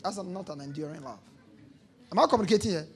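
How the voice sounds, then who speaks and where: A male pastor preaches in a high, animated voice at a quick pace. He repeats key lines, prompts the congregation to respond, and breaks into shouts on important points.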